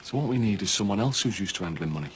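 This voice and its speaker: A cocky, husky wheeler-dealer. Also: male voice, fairly low pitch, lively intonation, very fast. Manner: cocky, jokey and eager to help. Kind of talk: TV soap drama acting.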